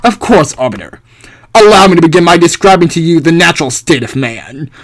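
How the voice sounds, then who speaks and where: A man voicing a haughty male English philosopher in a game, speaking low, slow and pompous. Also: lively intonation. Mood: scornful.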